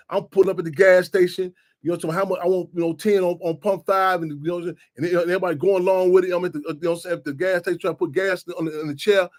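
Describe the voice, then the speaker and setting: Fast-talking high-voiced man rambling. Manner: rambling, repeats "you know what I'm saying". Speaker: radio show host. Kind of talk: casual monologue.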